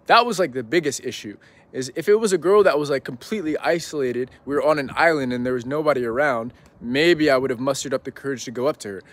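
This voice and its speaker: Speaking fast in a mid-range, fairly bright voice, a young podcast guest tells a story in a loose, rambling way. "Like" and "right?" come up constantly.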